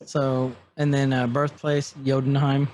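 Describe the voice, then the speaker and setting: Speaking a little slowly in a mid-range voice, this man co-hosts a podcast and breezily runs through a show's plot, animatedly performing its lines along the way. There's slight background noise.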